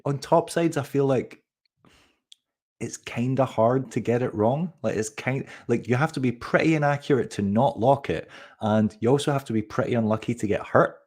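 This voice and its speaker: A man's voice: medium pitch, moderate pace, darkish tone. A man in his forties hosting a casual live-stream chat, teasing his guest and often repeating words as he starts sentences. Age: 40s. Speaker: host.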